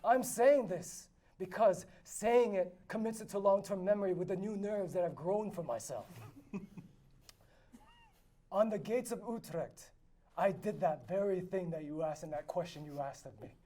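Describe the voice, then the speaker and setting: A man doing a boastful high-voiced noble. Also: moderate pace, warm tone. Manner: grandiose, theatrical storytelling. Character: boastful male noble spinning absurd tall tales. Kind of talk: improvised tall-tale role-play. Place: live convention panel room.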